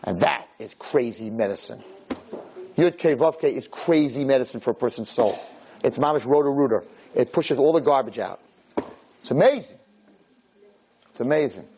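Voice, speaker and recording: A rabbi giving a Torah lecture to a live audience in a room. He speaks emphatically, repeats his points and swings his pitch up and down. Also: moderate pace, dark tone, a little hiss or hum, rough recording.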